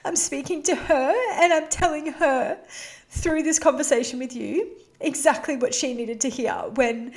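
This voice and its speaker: A woman with a fairly high-pitched voice hosts her own podcast and speaks openly and from the heart. Her talk is casual and confessional, full of "you know" and "like". Her voice carries strong emotion as she shares something personal. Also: darkish tone. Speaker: podcast host.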